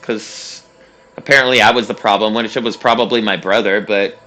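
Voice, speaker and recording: This is casual gaming-stream storytelling: a young man rambles through a long story, cursing, laughing and leaning on fillers. His voice sits on the low side, with a steady tone, a brisk pace and a sharp quality.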